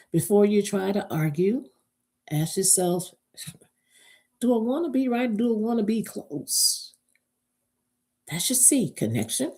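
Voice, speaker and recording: Slow, husky-voiced woman giving a motivational talk. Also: fairly low pitch, mellow. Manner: emphatic, spells out key words letter by letter; rallies listeners to repeat after her. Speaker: relationship speaker.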